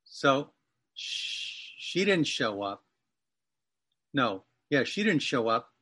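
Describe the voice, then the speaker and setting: A man's voice: medium pitch, very animated, slow pace, pushed and bright, breathy edge. A man in his fifties from Massachusetts, a writer telling a rambling, wry personal story as an interview guest. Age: 50s. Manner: wry, digressive, self-correcting storyteller.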